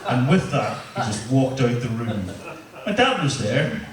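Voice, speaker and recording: A man's voice: medium pitch, sing-song, unhurried, far from the mic. A man with a Northern Irish accent doing a live stand-up set, teasing the crowd with crude banter. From Northern Ireland. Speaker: stand-up comedian. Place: comedy club stage. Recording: echoey venue, mic heard from afar, room noise.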